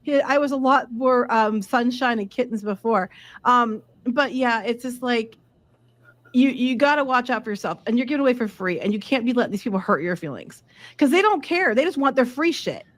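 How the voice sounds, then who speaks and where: A woman's voice: fairly high pitch, expressive, moderate pace. A woman co-hosting a casual chat show, giving blunt, opinionated advice and swearing casually. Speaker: co-host.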